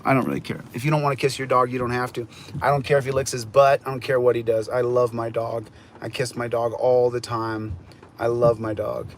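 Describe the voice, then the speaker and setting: A man's voice: medium pitch, a bit bright. A man ranting on a livestream, rambling and repeating himself, agitated.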